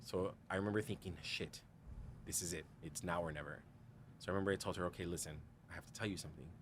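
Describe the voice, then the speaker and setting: A low male voice at a quick pace, slightly bright, comes through with a little hiss or hum. He tells a frank story about himself as a podcast guest, mimicking others' lines, laughing often, and using "like" and "you know" again and again.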